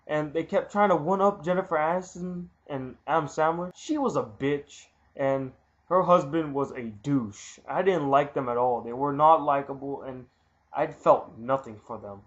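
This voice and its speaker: Blunt, candid man reviewing a movie. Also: fairly high pitch. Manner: blunt, candid, repeats himself for emphasis. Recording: muffled lo-fi recording.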